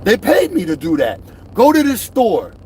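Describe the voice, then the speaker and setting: A middle-aged man talking straight to camera about himself, emphatic and repetitive, swinging from loud to soft. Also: high-pitched, huge pitch swings, normal speed, a little hiss or hum. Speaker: truck driver vlogger. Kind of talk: direct-to-camera rant.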